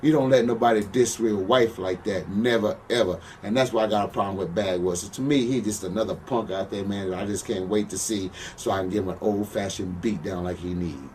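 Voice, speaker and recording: A former wrestler in an interview, telling crude stories in a slightly low voice and swearing all the time. He sounds boastful and blunt and keeps checking "you know what I'm saying?" The mic sits some way off, with a faint hiss of background noise. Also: fairly quick, few pauses, darkish tone, recorded from a distance. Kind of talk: profane shoot-interview storytelling.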